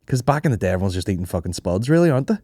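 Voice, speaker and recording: A man's voice: on the low side, sing-song, very fast, dark tone, no room sound, studio quality. A young man, hosting a podcast and telling rambling, profane comic stories with frequent laughs. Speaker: podcast host. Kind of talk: casual comedic storytelling.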